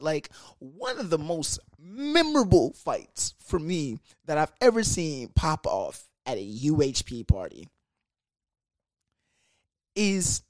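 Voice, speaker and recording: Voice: mid-range voice, no echo, clean studio sound. Young adult telling a profane party story. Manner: animated, profane, comedic storytelling; loose slangy delivery with frequent fillers. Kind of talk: casual storytime monologue.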